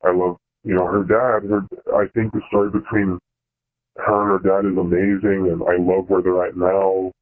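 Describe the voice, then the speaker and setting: Young male caller, deep and monotone, hesitant and halting, heard over a thin phone line. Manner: halting, hesitant, many fillers and restarts. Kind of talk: personal confession on a call-in show.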